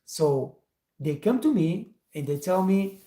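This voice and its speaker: A man with a mellow, dark voice tells a motivational story to his viewers. He is emphatic and addresses them directly, and his English has non-native phrasing. His voice sits in a roomy, echoey space. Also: high-pitched, animated, slow pace. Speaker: host, restaurant trainer.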